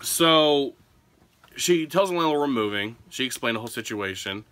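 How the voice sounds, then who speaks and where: Chatty male vlogger from Pennsylvania, bright forceful voice, dry close sound, answers fan questions laughing. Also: medium pitch, moderate pace, no room sound. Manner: chatty and animated, often laughing. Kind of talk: casual storytelling Q&A. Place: his home.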